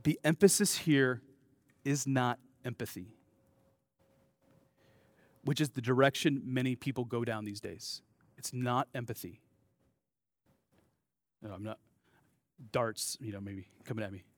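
A man preaching a sermon to his congregation. He swings between soft, intimate asides and loud, emphatic declarations, with casual, self-deprecating remarks. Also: medium pitch, fairly even intonation, a little slow, pauses often, no room sound. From American Midwest. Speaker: pastor.

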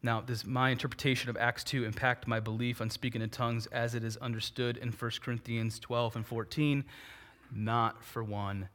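A man, a pastor, preaching a sermon in an animated way, posing rhetorical questions and answering them, swinging between loud emphatic peaks and quiet asides. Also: mid-range voice, moderate pace.

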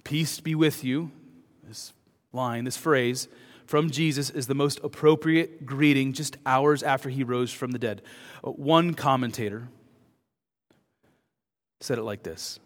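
Pastor preaching in an echoing hall. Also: male voice, medium pitch, unhurried, pauses often. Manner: swings from loud urgent emphasis to soft hushed words. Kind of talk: sermon. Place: church. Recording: long hall reverb.

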